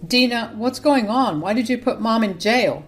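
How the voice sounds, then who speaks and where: A woman's voice: on the high side, lively intonation, normal speed, faint music behind, pitched above the performer's own voice, natural voice. A woman voicing an adult son who scolds his mother in an exasperated tone. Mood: confused.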